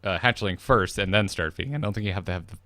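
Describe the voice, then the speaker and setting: Male co-host, low voice, dry joker, very dry sound. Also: fast, pushed and bright, no echo. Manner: dry, joking, rattles off facts. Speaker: podcast co-host. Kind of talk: casual gaming podcast chat.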